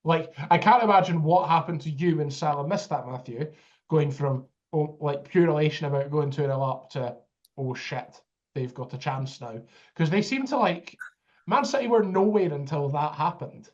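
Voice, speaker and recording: Sarcastic man, slightly high, dull sound. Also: normal speed. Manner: sarcastic, teasing. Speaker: podcast co-host. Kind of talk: casual football chat.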